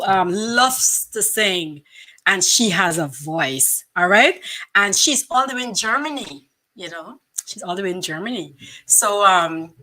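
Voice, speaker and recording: A woman co-hosting a live-streamed special, giving upbeat shout-outs with many fillers. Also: mid-range voice. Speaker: co-host. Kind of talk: live-stream casual chat.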